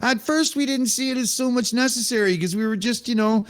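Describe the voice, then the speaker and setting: A man's voice: very high voice, brisk. A man on a group video call, talking easily and laughing often, wandering into long explanations. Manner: easygoing, laughs often, meandering. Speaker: podcast co-host guest. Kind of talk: casual group video chat.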